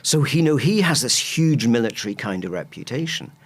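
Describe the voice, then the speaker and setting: A man's voice: medium pitch, expressive, a little fast. A man, a historian guest explaining history with enthusiastic, rambling asides. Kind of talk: casual chat, explaining history.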